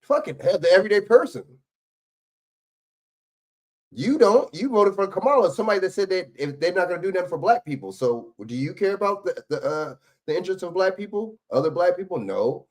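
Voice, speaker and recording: A man's voice: high-pitched, lively intonation, fast talker, few pauses. A man hosting a livestream, arguing back at clips in blunt, profane casual commentary. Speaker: livestream host reacting to clips.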